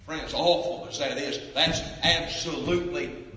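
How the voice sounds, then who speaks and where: A man preaching an impassioned sermon, swinging between booming cries and hushed pleading in a repetitive preaching cadence. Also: a little slow. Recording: echoey hall from far off.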